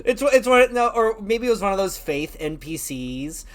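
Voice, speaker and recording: A podcast co-host chats and jokes casually on a comedy show. The pitch swings widely from line to line. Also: sing-song, crowd noise. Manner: chatty, quick to joke.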